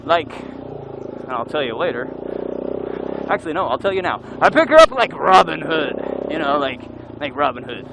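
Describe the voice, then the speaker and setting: A motovlogger tells a lengthy story while tackling an off-road trail on his motorcycle, animated and breaking into whoops and yells. His voice is fairly high, creaky and moderately paced, with frequent pauses against a noisy background.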